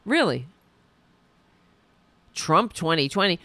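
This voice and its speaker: Gravelly, lively, sarcastic woman host. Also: on the low side, slow, long pauses, dry recording. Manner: sarcastic, mocking, reads viewer comments aloud. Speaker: podcast host. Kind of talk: livestream political commentary.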